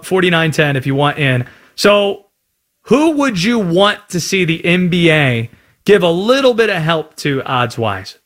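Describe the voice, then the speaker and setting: A man from North Carolina hosting sports talk radio, chatty and animated. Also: high-pitched.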